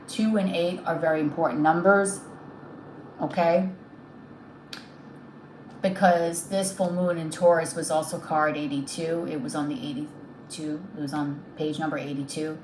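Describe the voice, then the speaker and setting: A woman's voice: deep voice, a little mellow, reverberant, a little hiss or hum, poor audio. A woman giving a live tarot reading, speaking in a soothing, reassuring way and often checking in with "okay?". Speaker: tarot reader.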